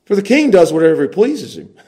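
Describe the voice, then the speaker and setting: A man preaches with a high, lively voice. He swings between loud, pressing emphasis and soft, quiet asides as he works through his sermon. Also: fast talker. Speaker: pastor.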